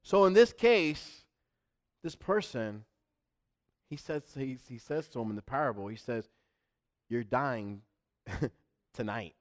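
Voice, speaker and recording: A man's voice: fairly high pitch, sing-song, unhurried, pauses often. Emphatic middle-aged preacher man. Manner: emphatic, repeats words, swings from loud to hushed. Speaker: pastor. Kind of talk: sermon.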